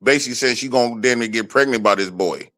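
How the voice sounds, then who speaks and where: A man's voice: mid-range voice, quick pace, fairly bright tone. A laid-back man chatting casually as a guest on a livestream. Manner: laid-back, laughs along. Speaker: stream guest. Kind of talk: casual stream chat.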